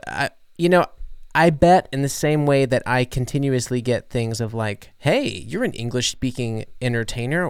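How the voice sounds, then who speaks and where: Guy interviewing over a video call, smooth dry voice, rambles and restarts a lot. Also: medium pitch, no room sound. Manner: rambling questions full of fillers and restarts.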